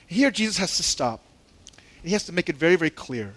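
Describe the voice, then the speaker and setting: A man preaching from the pulpit with a fairly high, very lively voice that climbs and drops a lot. He chats with the congregation, laughs at his own asides and puts on indignant voices for the disciples. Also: a little fast. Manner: conversational and animated, with laughs and asides; acts out the disciples' lines in a raised, indignant voice. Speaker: pastor. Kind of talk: sermon.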